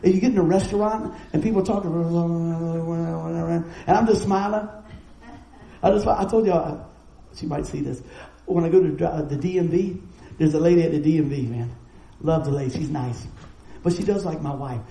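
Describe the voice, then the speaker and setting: A middle-aged pastor delivers an animated, folksy sermon packed with stories and asides, speaking at a moderate pace. His high-pitched voice is nonetheless dark, mellow and gravelly. A roomy church hall adds echo, with faint noise beneath.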